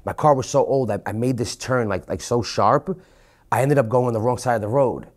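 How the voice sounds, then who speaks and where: A man from New York with a New York accent, a podcast guest telling stories in a casual, animated way, swearing heavily and acting out what people said. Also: mid-range voice. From Queens, New York. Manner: animated, fast, heavy swearing, acts out quotes. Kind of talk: casual storytelling.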